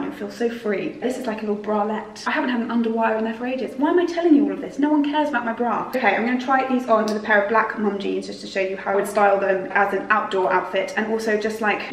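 A woman's voice: medium pitch, distant mic, a little hiss or hum. A young British woman in her twenties chatting her way through a clothing try-on haul at home, bubbly and self-mocking. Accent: British English. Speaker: fashion vlogger. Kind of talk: casual try-on haul chat. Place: home room, seated by a sofa. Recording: echoey room, voice a little off-mic.

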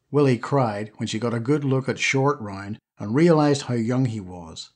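A man narrating an adventure novel as an audiobook reader, telling the story in a steady, lively way. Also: mid-range voice, moderate pace, hardly any pauses, breathy edge. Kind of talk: scripted narration.

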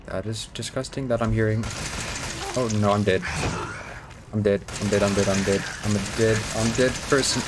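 A man with a fairly low voice narrates his horror game run in excitable let's-play commentary. He swears at monsters, jokes to himself and pleads out loud for healing items. Steady noise runs under the recording. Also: normal speed. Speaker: gaming YouTuber.

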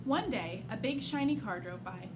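Woman, school staff, expressive read-aloud, lively pitch, hissy recording. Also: normal speed. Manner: expressive storytelling. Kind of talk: reading a picture book aloud.

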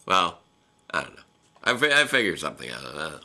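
A young man co-hosting a casual live reaction video, exclamatory and animated, often restarting his sentences. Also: sits low, fast talker. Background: television episode playing.

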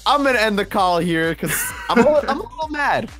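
Good-natured male gamer friend, animated and surprised, casual call. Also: high voice, fairly quick, soft background music.

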